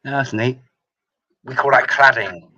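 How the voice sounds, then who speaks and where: Chummy host guy on a dull lo-fi video call, bright edgy tone. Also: medium pitch, measured pace, breathy edge, dry recording. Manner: chummy, short remarks and teasing. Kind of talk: casual live video chat.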